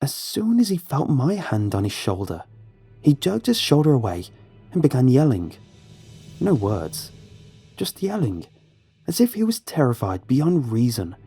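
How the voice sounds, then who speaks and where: Dark-voiced male horror narrator. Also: medium pitch, huge pitch swings, slightly rough, no echo, soft background music. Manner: dramatic, measured storytelling.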